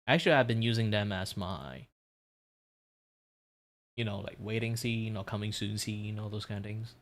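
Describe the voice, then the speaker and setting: A man chats casually on a live stream while he draws. His voice is fairly low, and he rambles along in an unhurried, explanatory way. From Malaysia.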